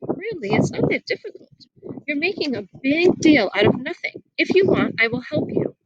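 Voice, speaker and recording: A woman voicing a kind, encouraging young schoolgirl in a read-aloud storybook, gentle and warm-hearted. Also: high voice, sing-song, moderate pace, highs cut off, heavy background noise, pitched above the performer's own voice.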